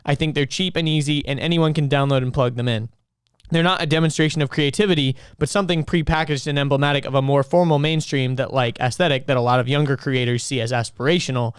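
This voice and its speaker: A man co-hosting a podcast in casual chat, joking around with his co-host and quick to laugh. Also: mid-range voice, steady tone, smooth, no room sound, studio quality.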